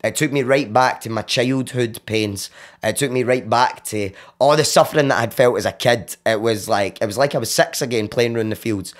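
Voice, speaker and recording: Young Glaswegian male guest, animated casual storyteller, average pitch. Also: normal speed. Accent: Glaswegian Scottish. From Scotland. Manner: animated, acts out his own past cries and quotes. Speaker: podcast guest.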